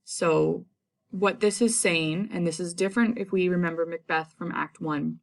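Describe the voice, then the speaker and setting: A woman's voice: lowish voice, moderate pace, gravelly. A woman teaching a lesson in a chatty, casual way, retelling the story in everyday slang. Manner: chatty, paraphrases characters in slang.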